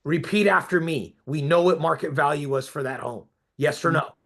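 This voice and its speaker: A man's voice: on the high side, normal speed, fairly bright tone. A man coaching a group of real estate agents, talking emphatically and pressing his listeners with questions for agreement.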